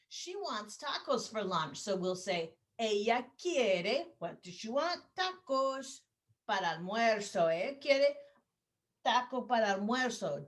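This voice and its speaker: Lady teacher walking thru a grammar lesson, kinda high voice, patient, slows down on the examples. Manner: explains patiently, models Spanish phrases slowly for repetition. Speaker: Spanish teacher.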